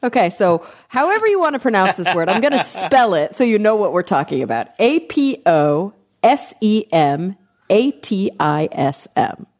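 A woman's voice: medium pitch, sing-song, normal speed, a little mellow. A woman co-hosting a podcast, explaining a word in a chatty, laughing way. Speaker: podcast co-host. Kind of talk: casual chat.

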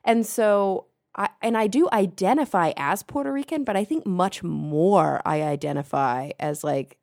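A woman hosting a casual conversation, speaking in a reflective, hesitant way with many pauses and fillers. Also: mid-range voice, vocal fry, darkish tone, dry recording, studio quality.

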